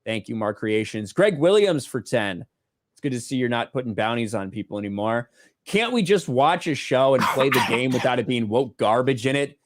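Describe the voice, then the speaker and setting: A man's voice: mid-range voice, lively intonation, normal speed, no room sound, studio quality. A man co-hosting a casual livestream, reading out viewer donations and swearing offhandedly. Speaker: livestream co-host reading superchats.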